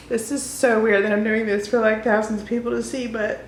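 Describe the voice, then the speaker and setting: A woman's voice: fairly high pitch, flat delivery, fairly quick, a little hiss or hum. A woman in her thirties, speaking candidly and emotionally in a personal vlog at home, often sighing. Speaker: vlogger. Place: home, indoors. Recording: echoey room.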